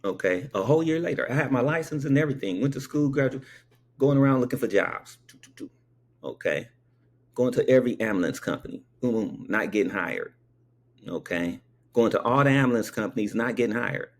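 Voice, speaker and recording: Gravelly man telling a personal story. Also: mid-range voice, animated, fairly quick. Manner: conversational, checks in with "okay?".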